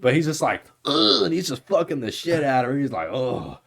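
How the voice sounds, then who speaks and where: A man's voice: medium pitch, lively intonation, fast. A man co-hosting a podcast, chatting crudely and retelling movie scenes. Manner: profane, acts out movie lines in put-on voices. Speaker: podcast co-host. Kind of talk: crude casual chat.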